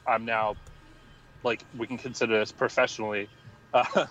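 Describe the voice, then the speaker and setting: A man's voice: medium pitch, flat delivery, moderate pace, muffled recording, noisy background. A young man co-hosting a wrestling podcast in casual chat, rambling and laughing often as he talks. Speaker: podcast co-host.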